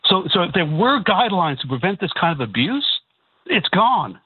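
A Canadian man calls in to a radio show, agitated and repetitive, stammering through restarts. His high voice is very animated with a breathy edge at normal speed, heard dry over a tinny phone line.

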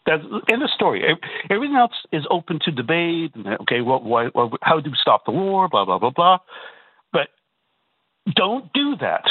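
A man's voice: on the high side, huge pitch swings, moderate pace, husky, no echo. A man from Canada calling in to a radio talk show, talking emphatically with repeated words and rhetorical asides. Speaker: caller. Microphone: telephone. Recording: tinny phone line.

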